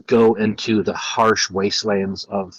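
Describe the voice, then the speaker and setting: A man's voice: lowish voice, little pitch movement, measured pace, slightly rough, no echo, muffled recording. A young man co-hosting a podcast who rambles casually about a video game, with many restarts. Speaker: podcast co-host. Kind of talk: casual chat.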